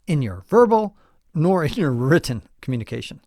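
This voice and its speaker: A middle-aged man hosting a podcast talks fairly quickly in a slightly mellow mid-range voice with big pitch swings. He lays out points casually and emphatically, asks listeners questions and chuckles now and then, recorded at studio quality without room sound.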